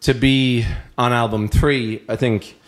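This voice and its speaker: A man's voice: medium pitch, fairly even intonation, slow pace. A man with an Irish accent, a musician answering interview questions in a hesitant, thinking-aloud way. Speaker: musician guest.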